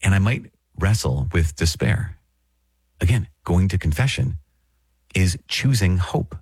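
Man, very deep voice, husky, dry close sound, earnest teaching talk, conversational. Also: animated, unhurried, darkish tone, no echo. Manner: conversational, earnest, frequent "right?" check-ins. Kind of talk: recorded catechetical talk.

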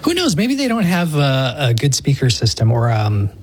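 A man's voice: mid-range voice, huge pitch swings, moderate pace, husky. A man hosting a religious call-in radio show, introducing callers and chatting with the guest. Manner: friendly, conversational. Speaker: radio host.

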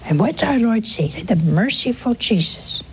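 An older woman with a fairly high, animated voice preaches a sermon on a gospel parable at a moderate pace, with a little background noise behind her. She tells it as a story, acting out the characters' voices and sometimes sinking to a whisper.

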